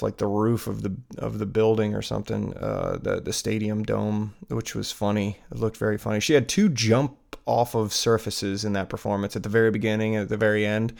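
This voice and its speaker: A man talks his way through a solo podcast episode, drifting from thought to thought with plenty of ums and restarts. His voice sits low and has a gravelly, fried edge. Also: a little mellow. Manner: rambling, self-interrupting, with many fillers. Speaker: podcast host.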